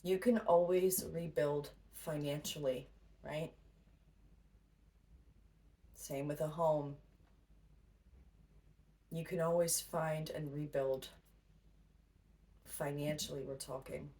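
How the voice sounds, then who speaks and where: A woman's voice: deep voice, steady tone, slow, long pauses, mellow. A woman giving a casual spiritual pep talk as a tarot reader, blunt and profane, often laughing. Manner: blunt, swears freely, laughs a lot. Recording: distant mic with faint noise.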